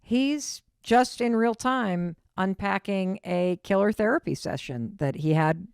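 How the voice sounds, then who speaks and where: A woman's voice: medium pitch, a little slow, creaky, darkish tone, clean tone, no room sound, clean studio sound. A middle-aged woman hosting a podcast, talking in an earnest, reassuring and emphatic way. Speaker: podcast host. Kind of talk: casual podcast conversation.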